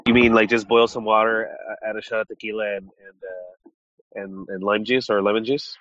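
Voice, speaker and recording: A man co-hosting a casual football podcast while getting over a cold, talking with a slightly nasal, congested voice and a relaxed, joking manner. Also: fairly low pitch, brisk, no room sound, highs cut off. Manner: relaxed, joking, many restarts. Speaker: podcast co-host. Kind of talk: casual chat.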